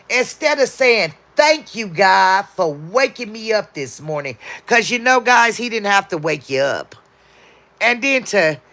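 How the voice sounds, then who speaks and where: A woman's voice: mid-range voice, a bit bright. A woman livestreaming, chatting casually and answering her viewers' comments as they come in.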